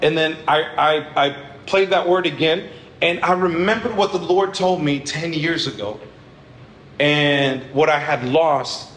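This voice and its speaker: A man's voice: high voice, a bit bright, roomy sound, slight background noise. A man in his thirties preaching a conversational sermon in a church, telling candid stories with self-mocking humor.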